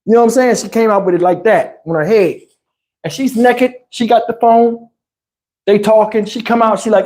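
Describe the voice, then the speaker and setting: A man spinning a story on a live stream, animated and full of profanity. He keeps the talk loose and casual, breaking into laughing asides. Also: high voice, normal speed, pauses often. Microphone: wireless lapel mic.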